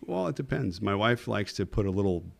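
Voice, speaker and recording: A man's voice: lowish voice, sing-song, fairly quick, vocal fry. A man co-hosting a casual sports radio show, easygoing and playing along with the host.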